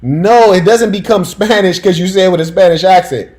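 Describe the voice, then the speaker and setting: A man's voice: sits high, fairly quick, darkish tone. A man hosting a casual commentary stream, telling stories in a slangy, emphatic way and talking straight to his audience.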